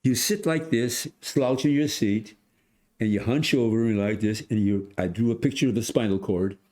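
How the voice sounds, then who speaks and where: A man of a hundred, a podcast guest, telling a story in casual conversation, animated, acting out voices and restarting often. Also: medium pitch, moderate pace. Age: 100s.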